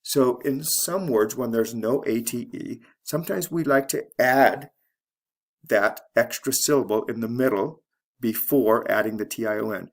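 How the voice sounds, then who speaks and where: A man teaching English pronunciation, saying words slowly and deliberately and repeating them for practice. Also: medium pitch. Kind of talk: pronunciation lesson.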